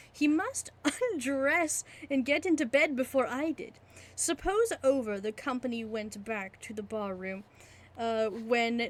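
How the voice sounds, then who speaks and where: High-pitched woman, amateur reader, slow and giggly, trips on long words, hobby audiobook. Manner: giggly, stumbling over hard words. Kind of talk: casual audiobook reading.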